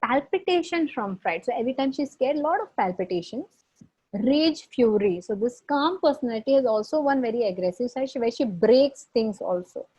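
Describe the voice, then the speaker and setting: Husky-voiced woman teaching a case. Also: fairly high pitch, expressive, normal speed, a little mellow. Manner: explanatory, checks in with listeners. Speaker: homeopathy lecturer. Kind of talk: online case presentation lecture. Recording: dull lo-fi audio.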